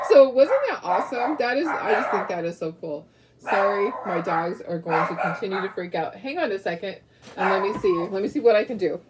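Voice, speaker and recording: A woman's voice: medium pitch, a little fast, heavy background noise. A woman hosting a craft video, chatting casually and telling stories while she paints, rambling a little and laughing often. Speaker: craft show host.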